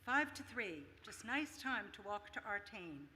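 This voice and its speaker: A woman reading literary prose aloud at a public reading, in a measured, lightly characterful way. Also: medium pitch, very animated, pushed and bright. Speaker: reader. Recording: reverberant hall with faint ambient noise.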